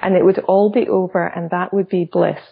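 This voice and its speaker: Brief: Scottish woman interview guest, measured and gravelly, muffled lo-fi audio. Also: fairly low pitch, flat delivery. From Scotland. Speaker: guest, life coach. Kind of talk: interview storytelling. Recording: dull lo-fi audio.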